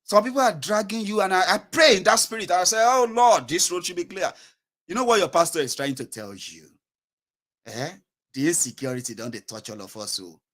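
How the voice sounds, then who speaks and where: A man's voice: a little high, a little fast. A man with a Nigerian accent giving casual political commentary, acting out prayers and slipping into Pidgin. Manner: animated, acts out mocking prayers in Nigerian Pidgin.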